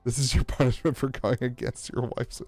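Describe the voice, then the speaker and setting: A man's voice: mid-range voice, steady tone, brisk, darkish tone, dry recording, soft background music. An American man streaming live as he opens card packs, rambling with sarcastic, self-mocking banter.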